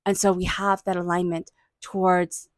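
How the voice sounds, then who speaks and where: A woman giving a tarot reading, murmuring invocations to angels and spirit guides and offering warm, excited encouragement. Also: on the low side, normal speed, dry recording. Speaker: tarot reader. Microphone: own microphone.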